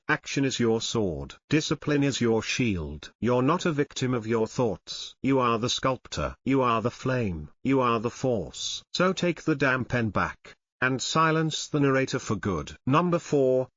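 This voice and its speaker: A man's voice: mid-range voice, a bit bright, no echo, muffled recording. Intense man narrating motivational lines. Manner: intense, commanding, dramatic pauses.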